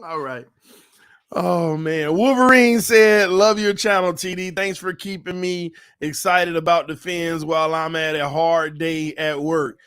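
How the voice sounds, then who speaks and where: A man's voice: on the high side, steady tone, unhurried, fairly bright tone, clear, resonant tone, dry recording, clean studio sound. A man hosting a casual livestream from home, chatty and upbeat, reading out viewer comments. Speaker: host of a fan channel livestream. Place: at home with his baby.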